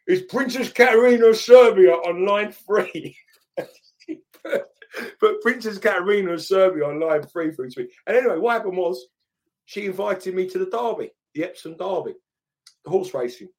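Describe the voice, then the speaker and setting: Rambling middle-aged man telling anecdotes. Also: high voice. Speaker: podcast co-host, betting pundit. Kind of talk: casual storytelling chat.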